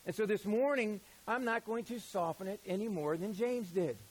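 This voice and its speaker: At a moderate pace, a man delivers a sermon as a pastor, leaning on rhetorical questions and elongated key words. He regularly lowers his voice to a quiet tone mid-point, and the recording is of low quality.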